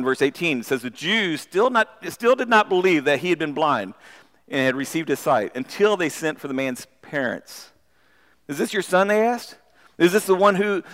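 Guy giving an animated sermon, fairly high voice, long hall echo. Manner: animated, acts out voices of people in the story; repeats words when starting sentences. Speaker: pastor.

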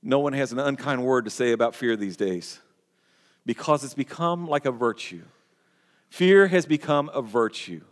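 A man's voice: mid-range voice, expressive, moderate pace. A man preaching a sermon as pastor, earnest and emphatic, often restarting words and phrases. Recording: long hall reverb.

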